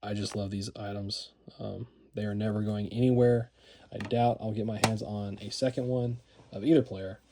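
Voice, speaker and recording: A card collector vlogger casually narrates a show-and-tell of items from his collection, rambling enthusiastically with plenty of fillers and repeated words. His voice is fairly low and darkish, with a flat delivery at a moderate pace, and there's a little hiss or hum in the recording.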